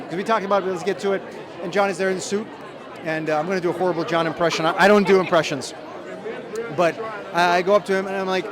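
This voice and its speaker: Man with a high voice over crowd chatter. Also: flat delivery, fast talker. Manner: chatty, self-deprecating anecdotes. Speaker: film director. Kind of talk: press junket interview. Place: outdoors at a busy premiere. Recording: crowd noise behind.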